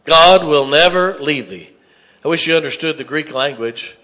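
A man preaching a sermon, dropping to hushed tones and rising to loud emphatic bursts. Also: fairly high pitch, normal speed. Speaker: pastor.

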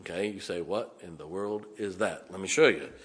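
A man preaching a sermon, animated and conversational, with dramatic emphasis and asides. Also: sits low, normal speed, in a large hall.

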